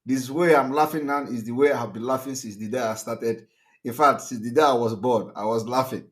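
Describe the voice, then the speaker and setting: A man's voice: mid-range voice, fairly quick, fairly bright tone. A man hosting a live call-in show, laughing often and talking with many fillers. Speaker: host.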